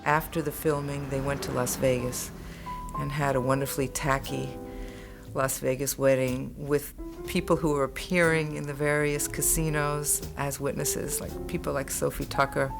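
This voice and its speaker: Woman, interview, wry fond anecdote, extremely low, flat, gravelly, music behind. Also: normal speed. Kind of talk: reminiscing interview.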